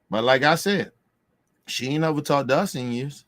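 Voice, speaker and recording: A man's voice: mid-range voice, normal speed, fairly bright tone, dry recording. A man hosting a podcast, ranting in a heated, profane way and repeating himself for emphasis. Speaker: podcast host. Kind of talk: casual ranting commentary.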